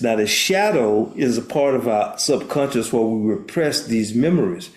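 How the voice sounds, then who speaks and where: An older American man, a therapist and minister, tells a story as an interview guest, speaking earnestly and often restarting words. His mid-range voice has lively intonation at a normal speed, and the recording carries a roomy echo.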